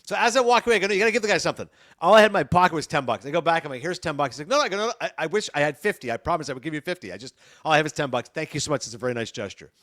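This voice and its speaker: A middle-aged man, a sports broadcaster guesting on a podcast, telling animated stories and acting out the dialogue. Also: on the high side, racing. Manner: animated, acts out dialogue in his anecdotes. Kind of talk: podcast storytelling.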